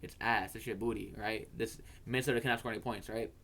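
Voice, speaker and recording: A man's voice: lowish voice, fairly even intonation, quick pace, creaky, fairly bright tone, slight background noise. A man quoting a fed-up friend who gripes crudely about a bad game. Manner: crude, dismissive griping.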